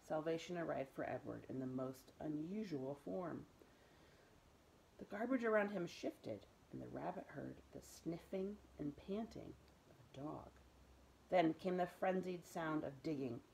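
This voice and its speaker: A woman librarian reading a children's book aloud in a gentle, expressive storytelling voice. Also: low voice, creaky, a little hiss or hum, poor audio. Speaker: school librarian.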